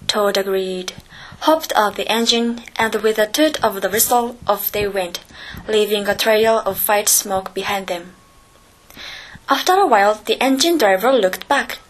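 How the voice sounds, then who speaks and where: A woman narrating a children's story in an expressive, gently paced voice. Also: medium pitch, unhurried, poor audio.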